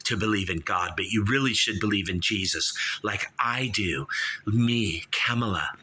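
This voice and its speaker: A man's voice: on the low side, moderate pace, sharp tone, slightly rough. A man voicing a flirtatious woman politician who sweet-talks and makes promises. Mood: coaxing. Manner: coaxing, sweet-talking.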